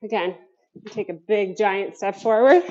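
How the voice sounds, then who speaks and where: A woman's voice: mid-range voice, unhurried, a little mellow, lo-fi sound. A woman coaching a home workout class, counting down cues and chatting between sets while out of breath. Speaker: fitness instructor. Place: home basement.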